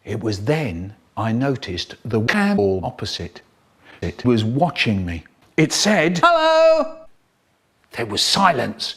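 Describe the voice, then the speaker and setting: A man telling spliced comic stories in an animated way, jumping between voices. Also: lowish voice, unhurried, breathy edge. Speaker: storyteller.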